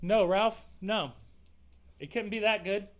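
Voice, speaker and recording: A man hosting a podcast, delivering an animated, profane, sarcastic rant in casual slangy talk. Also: high voice, slow pace, a little hiss or hum. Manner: animated, profane, exasperated ranting. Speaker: podcast host. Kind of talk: casual ranting monologue.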